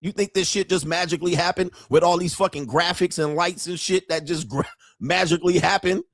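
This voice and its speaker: A middle-aged man rants as the host of his own online show, crude and full of swagger. His voice sits high for a man and sounds dry, with no room around it. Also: steady tone, brisk, fairly bright tone, no room sound. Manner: brash, profane and boastful, laughs at his own jokes. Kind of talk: ranting commentary.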